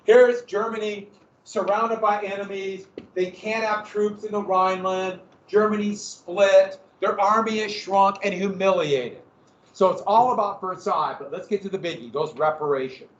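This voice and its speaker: Animated American man lecturing in an echoey room. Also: high-pitched, normal speed. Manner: animated, asks questions and answers them. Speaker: history teacher. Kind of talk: classroom lecture. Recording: echoey room, distant mic, muffled.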